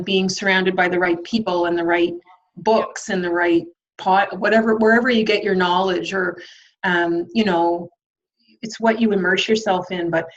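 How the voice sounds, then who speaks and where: A woman's voice: lowish voice, a little hiss or hum. A woman guest in an interview, speaking reflectively about self-care, with many ums and likes. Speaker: guest, nurse. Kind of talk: conversational interview. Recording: dull lo-fi sound.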